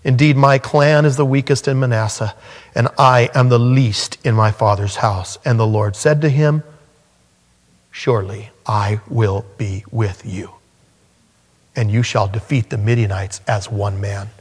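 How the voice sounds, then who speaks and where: A male pastor preaching a sermon, earnest and animated, his voice climbing high when he acts out the scripture. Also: measured pace, husky. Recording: long hall reverb.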